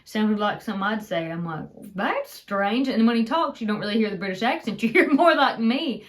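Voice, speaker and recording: A young woman with an Appalachian mountain accent chats animatedly as a co-host. She jokes easily and talks with a playful, lively energy. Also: medium pitch, quick pace. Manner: animated, jokes and does voices. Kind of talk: casual chat.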